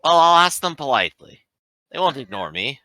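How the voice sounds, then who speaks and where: A man's voice: fairly high pitch, very animated, brisk, bright, forceful tone, dry recording. A man voicing a cheerfully reassuring male adventurer who talks in a patronizing, soothing way.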